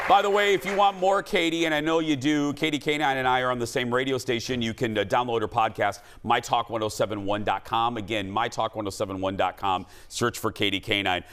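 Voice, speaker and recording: A man's voice: medium pitch, fairly even intonation, brisk, hardly any pauses, fairly bright tone, clean tone, faint music behind. A man hosting a casual talk show, reading out viewer questions in a jokey, upbeat way.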